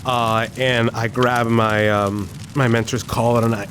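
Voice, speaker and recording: A man takes his turn at a tabletop game, hesitant and full of fillers. Clear background noise hisses behind his voice. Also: mid-range voice, flat delivery, measured pace. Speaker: player. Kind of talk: casual tabletop play. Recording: noisy background.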